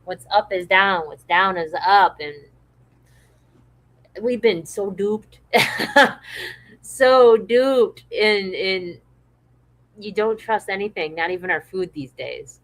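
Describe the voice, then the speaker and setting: A woman co-hosting a podcast, chatting in a relaxed way and reading viewer comments aloud. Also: on the low side, a little slow, rough recording. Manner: relaxed and conversational, with frequent restarts. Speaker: podcast co-host.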